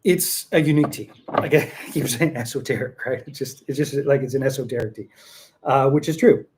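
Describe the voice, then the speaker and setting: A man's voice: mid-range voice, a little fast, a little mellow, a little hiss or hum. A man hosting a casual tea tasting chat, rambling and repeating himself for emphasis. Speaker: tea seller and show host.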